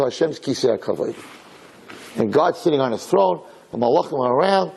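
Male storyteller, husky, raised pitch, very lively delivery. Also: a little fast. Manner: lively, dramatic, acts out characters. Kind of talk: animated religious storytelling.

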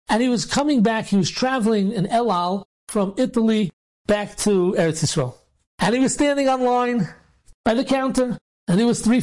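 A rabbi telling a story with animated delivery, acting out the dialogue in different voices and speaking in loose phrasing with restarts. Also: male voice, high-pitched. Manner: acts out the dialogue in different voices, sometimes shouting; loose spoken phrasing with restarts and repeated words.

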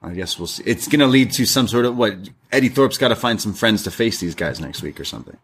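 A man's voice: on the low side, expressive, fast talker, a bit bright, a little hiss or hum. A man co-hosting a wrestling review podcast in casual chat, laughing often as he recaps scenes.

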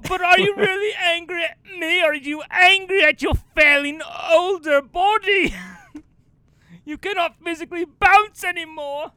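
A woman's voice: extremely high pitch, moderate pace, pushed and bright, no echo, clean studio sound, voice pushed up. A woman playing an overdramatic male actor in an improvised comedy bit, wailing every line with tearful, theatrical melodrama. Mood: melodramatic. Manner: wailing, over-the-top melodrama.

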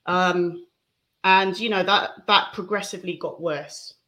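A woman speaking candidly and reflectively as an interview guest, giving a personal testimony with soft laughs. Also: lowish voice, steady tone, measured pace.

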